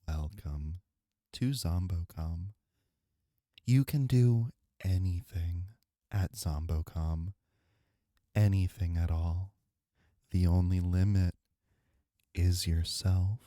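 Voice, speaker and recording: A man putting on a slow, drawn-out, mock-soothing announcer voice. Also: low-pitched, mellow, no echo, studio quality, voice pushed down. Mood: mock grand.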